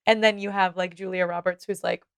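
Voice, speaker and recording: A woman's voice: on the low side, fairly even intonation, brisk, clear, resonant tone, no echo, studio quality. A woman co-hosting a podcast, chatting casually and laughing often between words. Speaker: podcast co-host.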